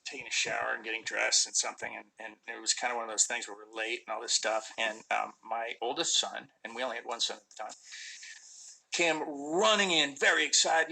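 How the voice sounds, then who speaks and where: Gravelly middle-aged guy on a phone live, really bright tense voice, lots of ums and restarts. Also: medium pitch, steady tone, fast talker, rough recording. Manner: rambling, many fillers and restarts. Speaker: actor answering fan questions. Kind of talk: casual live-stream Q&A.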